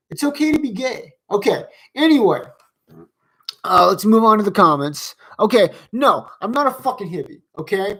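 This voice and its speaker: A man's voice: high voice, lively intonation, moderate pace, a bit bright, rough recording. A man delivering a profane, rambling rant in reaction to comments, heated and mocking, with constant fillers and restarts. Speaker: commentary vlogger.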